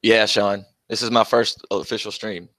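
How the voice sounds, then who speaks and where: A man's voice: fairly low pitch, flat delivery, moderate pace, fairly bright tone, dry recording. A young man hosting a casual livestream, reading chat aloud and trading mocking, profane jabs with commenters while laughing often. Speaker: livestream host.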